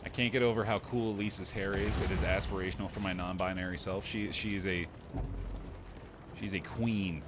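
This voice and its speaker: A streamer chatting casually while playing a game live, answering chat and thinking aloud. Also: male voice, sits low, fairly even intonation, moderate pace, noisy background. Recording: loud game music behind.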